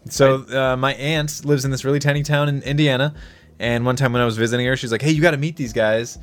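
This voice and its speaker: A man's voice: medium pitch, steady tone, quick pace, faint music behind. A man in his thirties hosting a casual chat, often laughing and steering the conversation. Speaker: podcast host.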